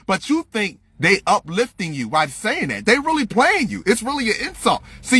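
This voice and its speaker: A man's voice: a little high, expressive, fairly quick, few pauses, pushed and bright, no echo. Blunt, profane man ranting on a livestream. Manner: blunt, profane, preachy, repeats himself. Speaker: livestream host. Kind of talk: heated livestream rant.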